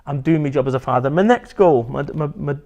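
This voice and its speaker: An English motivational speaker talks fast in a slightly high, a little mellow voice, heard through lo-fi sound. In a candid interview he's blunt and animated, swearing freely.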